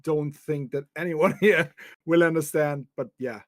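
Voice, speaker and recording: Slightly high-voiced man from Germany. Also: a little slow. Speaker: guest. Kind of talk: casual chat.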